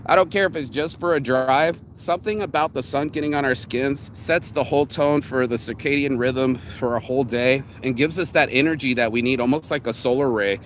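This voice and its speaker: A man's voice: mid-range voice, fairly quick, few pauses, slight background noise. A man giving a casual motivational talk outdoors by a road, rambling and candid, swearing freely and acting out other people's lines. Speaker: vlogger giving morning motivation.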